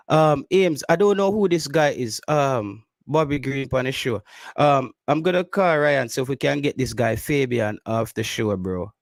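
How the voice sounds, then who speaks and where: A Jamaican man with an average-pitched voice chats casually on a live stream, picking through viewer comments. He repeats and restarts his phrases and drifts into patois. The sound is dry and close, with no room around it. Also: gravelly, dry recording. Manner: reads viewer comments aloud, repeats himself, slips into patois.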